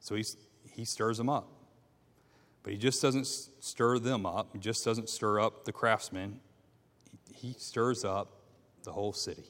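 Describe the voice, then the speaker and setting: A man teaching a Bible class, reading scripture aloud in a halting way with many fillers and restarts, and asking his class questions. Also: lowish voice, steady tone, fairly bright tone. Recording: long reverb in a hall.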